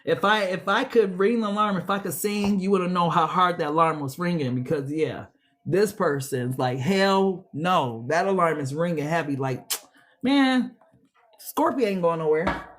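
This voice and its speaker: A man's voice: high-pitched, moderate pace, fairly bright tone. A man giving a casual tarot reading, emotional and profane, often repeating words. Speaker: tarot reader.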